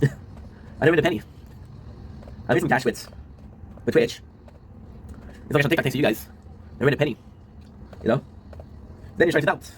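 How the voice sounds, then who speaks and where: A man in his twenties, a streamer and video creator, talking in a casual confessional monologue. He sounds low and worn out, rambling, tagging lines with a question and swearing often. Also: moderate pace, pauses often, a little hiss or hum, poor audio. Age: 20s.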